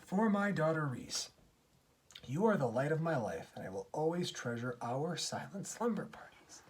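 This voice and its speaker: A father reading a bedtime storybook aloud to his daughter in an animated, gentle storytelling manner. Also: fairly high pitch, moderate pace, background noise.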